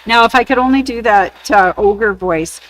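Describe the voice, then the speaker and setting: A woman's voice: a little high, moderate pace, no room sound, low-quality recording. A woman hosting a sewing shop's live show, gushing over craft samples and telling corny jokes in casual chat.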